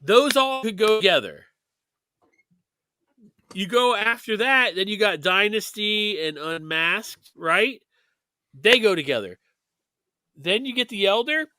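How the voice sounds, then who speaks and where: A man's voice: sits high, lively intonation, unhurried, long pauses, sharp tone, no echo. A man co-hosting a music podcast, talking in a loose, rambling way with many restarts. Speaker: podcast co-host. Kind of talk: casual chat.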